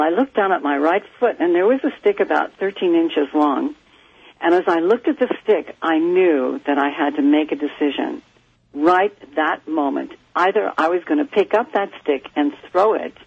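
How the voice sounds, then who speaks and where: Raspy, gravelly woman guest; animated storyteller, muffled phone line. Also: lowish voice, normal speed, dry recording. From California, USA. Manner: animated, lively storyteller who acts out quoted voices. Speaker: psychic guest. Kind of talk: storytelling in a phone-in radio interview. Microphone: telephone.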